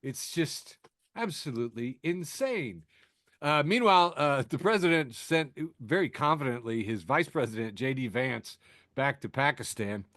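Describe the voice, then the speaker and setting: A man's voice: medium pitch, lively intonation, normal speed, fairly bright tone, no room sound, studio quality. Sardonic man hosting a podcast, laughing. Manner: sardonic, laughs at own jokes; filler-heavy, restarting. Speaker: podcast host. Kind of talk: casual news chat.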